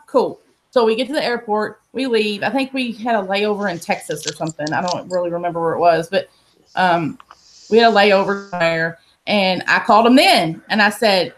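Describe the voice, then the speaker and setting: A woman's voice: medium pitch, normal speed, fairly bright tone. A woman telling a story in a casual, blunt and profane way. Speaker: podcast host telling a story.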